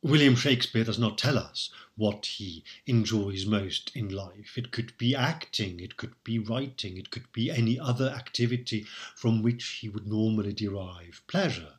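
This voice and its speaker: A man explaining a poem line by line, reading each quoted line slowly before paraphrasing it plainly. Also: lowish voice. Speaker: literature lecturer.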